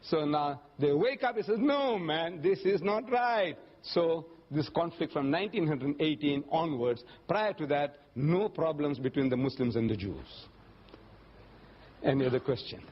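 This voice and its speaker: An older man giving a religious lecture and answering audience questions, telling stories animatedly and acting out the voices he quotes. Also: moderate pace. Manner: animated storytelling, often jumping up in pitch to act out quoted voices. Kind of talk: public lecture Q&A. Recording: dull lo-fi lecture recording.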